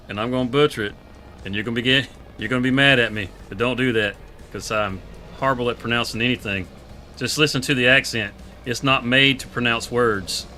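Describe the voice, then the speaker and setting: Streaming a farming game, a man chats casually in a laid-back way, laughing and drawling in country phrasing. His voice is mid-range, pushed, and bright, suited to live gameplay chat.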